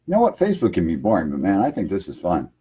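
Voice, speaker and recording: A man's voice: deep voice, wildly swooping pitch, quick pace, warm tone, husky. A man hosting an internet radio livestream, rambling loosely in casual chat from his home computer setup and filling lines with "man".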